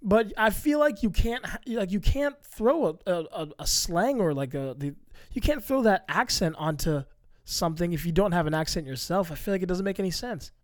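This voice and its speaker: A young American man hosting a casual podcast, ranting in animated mock outrage. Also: high-pitched, moderate pace, dry recording, clean studio sound. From United States. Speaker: podcast host.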